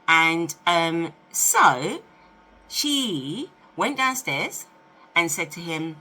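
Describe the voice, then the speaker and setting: Chatty, bright-voiced woman in her fifties. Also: on the low side, drawn-out words, slight background noise. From United Kingdom. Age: 50s. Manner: chatty, animated, asks rhetorical questions. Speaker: lifestyle vlogger. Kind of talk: casual storytelling to camera.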